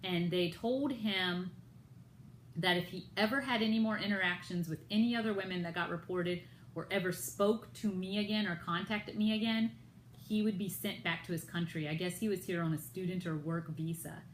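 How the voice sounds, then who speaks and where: A woman's voice: lowish voice, fairly even intonation, moderate pace, echoey room, a little hiss or hum, rough recording. An American woman telling a personal story in a vlog, retelling it with indignation and acting out others' lines in raised voices. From United States. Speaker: vlogger.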